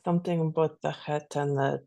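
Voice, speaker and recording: A woman student reading aloud in an online class, careful and halting, correcting herself as she goes. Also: deep voice, fairly even intonation, creaky, dark tone, dry recording, low-quality recording. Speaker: student reader. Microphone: video call.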